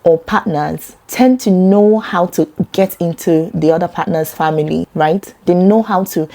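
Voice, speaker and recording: Low, mellow-voiced Nigerian woman. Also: a little slow, gravelly. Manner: earnest, animated when quoting others. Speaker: vlogger. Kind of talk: personal talk to camera.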